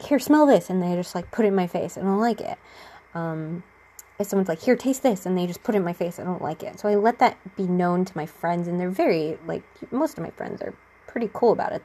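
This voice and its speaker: A woman's voice: lowish voice, dark tone. A young adult woman talking casually to the camera about her own experiences, laughing often and acting out what others said. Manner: chatty, laughs often, acts out quotes. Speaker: vlogger sharing personal experience.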